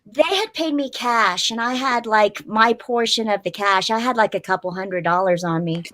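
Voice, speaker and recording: A woman's voice: fairly high pitch, normal speed. A woman musician in a casual interview, telling a story animatedly and acting out what people said, with many fillers. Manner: animated, acts out quotes, frequent fillers. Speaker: band musician guest.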